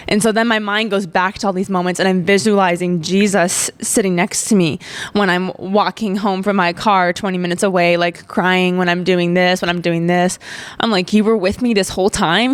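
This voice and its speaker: A woman's voice: mid-range voice, moderate pace, clean tone, no room sound. A young woman podcast host, telling a personal story in a chatty way, full of "like". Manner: chatty, heavy on fillers like "like".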